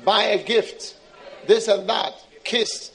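A man's voice: sits high, slow pace, gravelly, a bit bright, rough recording. A man preaching a sermon in an emphatic, repetitive way.

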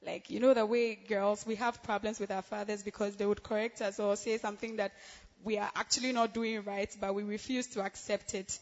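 A young woman from Ghana giving a giggly, excitable church testimony, laughing often between phrases. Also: mid-range voice, fairly quick, big-room sound, dull audio. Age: young adult.

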